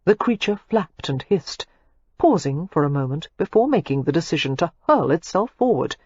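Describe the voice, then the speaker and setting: A woman narrating an audiobook with expressive, measured storytelling. Her voice is low and husky, with a lively sweep of pitch. The recording is dry and somewhat dull. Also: no room sound. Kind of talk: scripted romance narration.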